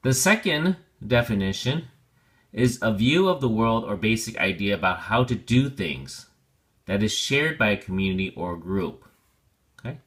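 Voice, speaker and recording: In a lowish, animated voice with a bit of brightness, a man walks through word pronunciations and meanings. His vocabulary lesson is patient and slow, built on everyday examples.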